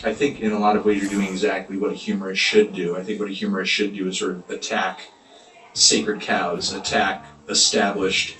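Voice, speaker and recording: Deadpan male interviewer. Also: sits low, a little fast. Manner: deadpan, pressing questions. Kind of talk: comedic interview. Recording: roomy, distant, under game music.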